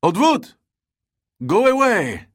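A woman's voice: low voice, animated, moderate pace, fairly bright tone, voice pushed up. A man voicing a brusque, dismissive woman translator with clipped, formal phrasing. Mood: shooing.

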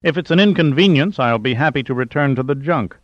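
A commanding older admiral, brisk and sure of himself, voiced by a male narrator. He speaks with firm authority. The sound is muffled and dry. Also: medium pitch, lively intonation, no room sound, pitched above the performer's own voice, lightly acted. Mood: assured. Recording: dull dry lo-fi audio.

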